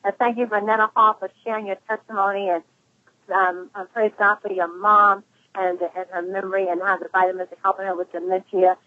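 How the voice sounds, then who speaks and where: Fast-talking woman pastor on a phone line. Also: medium pitch, little pitch movement. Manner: warm, affirming, quick-talking. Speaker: pastor hosting the call. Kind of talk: conference call hosting. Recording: phone-line conference call.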